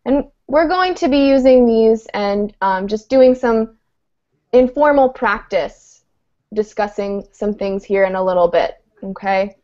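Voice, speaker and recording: A woman's voice: medium pitch, a little slow, a little mellow. A woman teaching an online English lesson, explaining grammar patiently and checking in with her students. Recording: muffled video-call audio.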